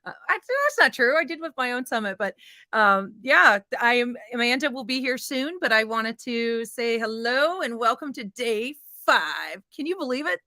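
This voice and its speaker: A woman with a bright, forceful tone and a fairly high voice opens a live online session. She greets the audience eagerly, welcoming people as they join the chat. The sound is dry and close. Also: animated, normal speed, no room sound. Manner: enthusiastic, greeting viewers in chat. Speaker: webinar co-host.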